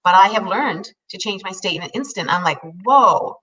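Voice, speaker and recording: An older woman co-hosting a live video chat, telling stories in an animated way and acting out her own inner voice. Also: mid-range voice, moderate pace, recorded from a distance, rough recording. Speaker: co-host.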